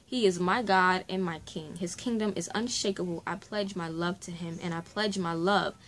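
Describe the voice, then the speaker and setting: A woman's voice: on the low side, fairly even intonation, normal speed, a little hiss or hum, close to an everyday voice. A woman voicing a solemn, devoted man of royal standing, speaking in vow-like formal sentences. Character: devoted man who was king, solemn and pious.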